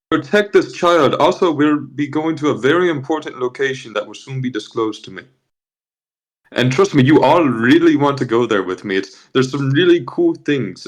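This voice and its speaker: A man's voice: medium pitch, expressive, normal speed, close to an everyday voice, low-quality recording. Figure: pompous woman, self-proclaimed chosen one, played by a man. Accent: bad put-on Russian. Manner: boastful, bossy, mock-menacing. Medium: tabletop game.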